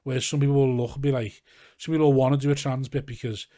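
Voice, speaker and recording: A young Scouse man, a comedian, chatting casually in a podcast, rambling and animated as he tells stories and swears freely. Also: medium pitch, fast, no echo, clean studio sound. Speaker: comedian guest. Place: garage.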